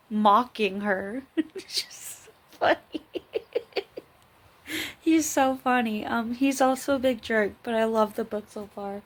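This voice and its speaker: A tired woman chatting casually late at night, rambling and giggling as she reviews a book. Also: a little high. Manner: rambling, giggly, trails off and restarts. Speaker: book vlogger.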